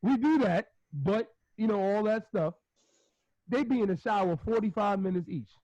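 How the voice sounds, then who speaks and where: This is a middle-aged man with a high voice, chatting casually as a podcast co-host. He tells rambling, animated stories, laughs often and acts out quotes. The recording is dry and a little muffled. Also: normal speed, no room sound. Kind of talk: casual chat.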